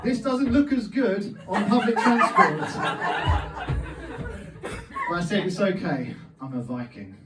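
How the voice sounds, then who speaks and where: Animated young man doing stand-up. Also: sits high, slow pace, pauses often, loud music behind the voice. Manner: animated storytelling, plays out his dad's lines. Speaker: stand-up comedian. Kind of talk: stand-up comedy set. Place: comedy club stage, packed audience. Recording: roomy club sound from a distant camera. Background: faint audience laughter.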